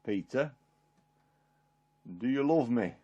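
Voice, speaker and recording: A man puts on Jesus as a calm, gentle teacher. He speaks in a low, soft voice that stays quiet. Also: moderate pace, lo-fi sound, natural voice.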